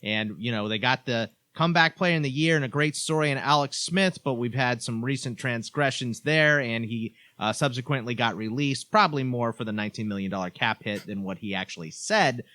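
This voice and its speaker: A man's voice: mid-range voice, fairly quick, few pauses, bright, forceful tone, no echo. A man talking as a guest on a sports podcast, methodically laying out team stats. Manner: stat-heavy, methodical. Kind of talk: casual sports chat.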